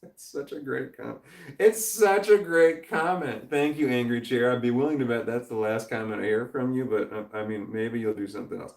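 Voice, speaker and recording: A man's voice: medium pitch, steady tone, brisk, vocal fry, few pauses, a little mellow. Rambling, swearing man in a roomy echo. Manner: rambling, swears often, laughs a lot. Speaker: livestream host reading chat. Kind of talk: casual livestream chat.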